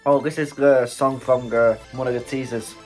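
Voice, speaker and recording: A man with a British accent hosting a casual music reaction and exclaiming often as he listens. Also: medium pitch. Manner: excitable, quick exclamations and chuckles. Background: faint music playing.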